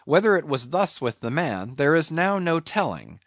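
Male audiobook narrator, measured and expressive, dry close recording. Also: a little high, no echo, muffled recording. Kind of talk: reading a classic novel aloud.

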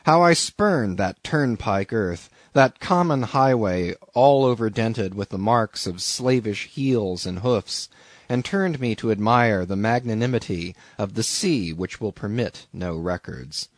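A man reading a classic novel aloud as an audiobook narrator, in a slow, deliberate, measured way. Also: fairly low pitch, lively intonation, no room sound.

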